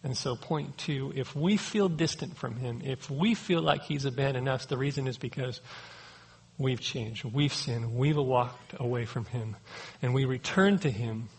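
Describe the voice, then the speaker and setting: A man's voice: mid-range voice, husky, poor audio. A man, a pastor, preaching a sermon in an earnest, emphatic way, pleading and repeating key words.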